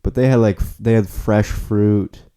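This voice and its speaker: Deep, mellow-voiced young man telling stories. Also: steady tone, moderate pace, clear, resonant tone. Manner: rambling storytelling with laughs and swearing. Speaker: podcast host. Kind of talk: casual chat.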